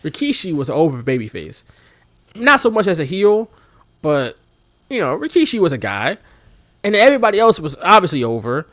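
Animated man chatting with lively swings. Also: on the high side, moderate pace, pauses often, dry recording, clean studio sound. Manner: animated, laughs often, mimics commentators' shouts. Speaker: podcast co-host. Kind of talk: casual wrestling chat.

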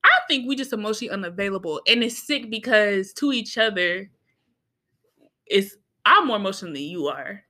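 A woman talks in a bright, clear voice. She is blunt and teasing in casual chat and slips into quoted asides as she makes her case. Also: medium pitch, expressive, brisk.

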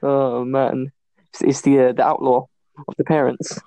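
A young man hosting a casual podcast, telling lively stories, often laughing and acting out the voices of the people in them. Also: medium pitch, moderate pace, no echo. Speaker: podcast host. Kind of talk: casual chat.

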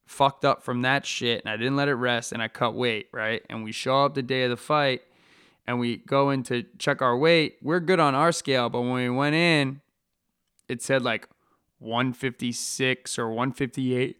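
A man's voice: mid-range voice, steady tone, normal speed, a bit bright, smooth. A young man who fights for a living, ranting casually and swearing a lot, getting heated and then dropping to a mutter. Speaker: fighter hosting a talk show. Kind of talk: casual profane rant.

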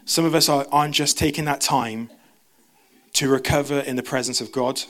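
A young man, preaching a sermon in a church service as an animated storyteller who jumps into quoted voices. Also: medium pitch, moderate pace.

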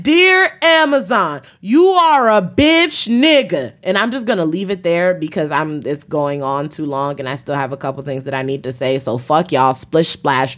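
A woman hosting a podcast, ranting bluntly with plenty of profanity. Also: very deep voice. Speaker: podcast host. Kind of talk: profane comedic rant.

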